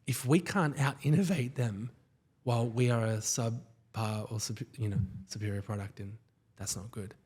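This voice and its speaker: A man, a company founder, telling stories as a guest in a casual podcast interview, with enthusiasm and quick asides. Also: medium pitch, fairly even intonation, a little mellow, breathy edge.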